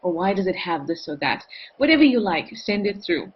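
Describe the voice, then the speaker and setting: A woman's voice: on the low side, big pitch swings, fairly quick, slightly rough, dull audio. A woman hosting a live wildlife cam show, chatting enthusiastically and reading out viewer comments.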